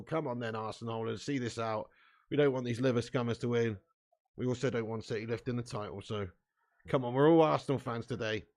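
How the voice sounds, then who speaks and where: A young man hosting a live football watch-along stream, commentating with swearing and banter while reading out chat messages. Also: medium pitch. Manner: sweary, banter-heavy, swings from glum muttering to shouting and laughing.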